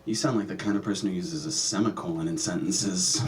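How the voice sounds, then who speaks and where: A man performing a stand-up comedy set, sardonic and profane, often jumping into high yelps and mock voices. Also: a little fast, a little hiss or hum. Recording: distant mic with noticeable room ambience.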